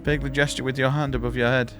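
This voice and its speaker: A man's voice: mid-range voice, flat delivery, very fast, music in the background. A man streaming a video game live, joking, swearing freely and reading choices aloud. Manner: jokey, swears freely, laughs often. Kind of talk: casual live-stream gameplay commentary.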